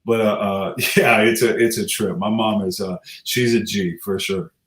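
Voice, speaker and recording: A man's voice: fairly low pitch, fairly even intonation, moderate pace, fairly bright tone, reverberant, rough recording. A man in his thirties, a rapper, chatting loosely in an interview, swearing and laughing as he tells stories. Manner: loose, profane, laughing storyteller. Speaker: guest rapper. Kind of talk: casual interview chat.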